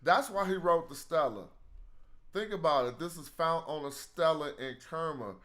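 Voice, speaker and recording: A man's voice: a little high, moderate pace, fairly bright tone. A man hosting a casual live study stream, thinking aloud in slang as he works through hieroglyphs.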